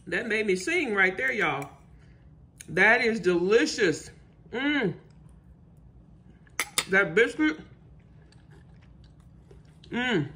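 A woman's voice: lowish voice, lively intonation, slow, long pauses, fairly bright tone. A woman hosting her cooking channel, humming and exclaiming as she tastes her food and talks to viewers. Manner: exuberant, exclaiming and humming while tasting food. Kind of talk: casual cooking vlog, tasting and chatting to viewers.

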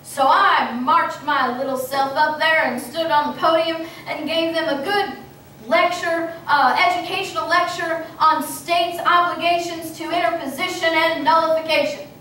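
A high-voiced woman tells a story to a gathered crowd, acting out the lines she quotes. Her tone is bright and carrying. She sounds far from the mic, in a strongly echoing meeting hall with faint background noise. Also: normal speed. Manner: animated, acts out quoted exchanges. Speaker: speaker at a political meeting. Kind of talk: storytelling speech to an audience.

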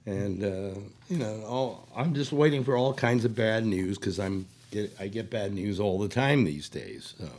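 An older man hosting a talk show, hoarse with a cold, rambling in casual talk with many restarts. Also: on the low side, a little slow, hardly any pauses, a little mellow. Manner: rambling, full of restarts and "you know". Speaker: radio talk host.

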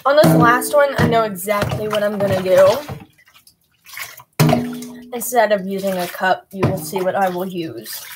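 A woman's voice: mid-range voice, a little slow, pauses often, loud music behind the voice, low-quality recording. A teenage girl vlogging at home while bathing her kittens, rambling and self-mocking, chatting to the cats. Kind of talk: casual vlog chat.

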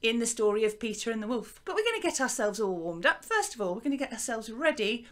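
Brief: English woman, primary music teacher, high and very animated, encouraging sing-song delivery to small children. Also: fast talker. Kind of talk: lively online children's lesson. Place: small garden hut classroom. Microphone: desk microphone by laptop.

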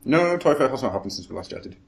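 A man's voice: mid-range voice, big pitch swings, rapid-fire, gravelly. A man co-hosting a casual chat, teasing and blunt with his opinions. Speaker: podcast co-host. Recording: echoey room with faint hiss.

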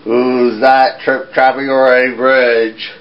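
A man's voice: mid-range voice, little pitch movement, slow, muffled recording. A man voicing a hungry troll under a bridge in a puppet show, drawing out his threats. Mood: menacing.

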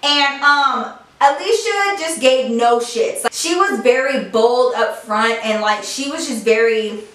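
A young woman telling a story in casual chat, animated and peppered with "like". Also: a little high, slow. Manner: chatty, animated, heavy use of "like". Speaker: beauty vlogger telling a story. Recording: echoey room, mic far off.

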